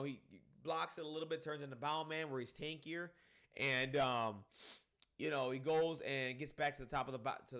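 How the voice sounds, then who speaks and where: A man giving a casual spoken review of a comic chapter, rambling and animated, swearing freely and filling gaps with "um" and "you know what I mean". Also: fairly high pitch. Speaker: manga reviewer.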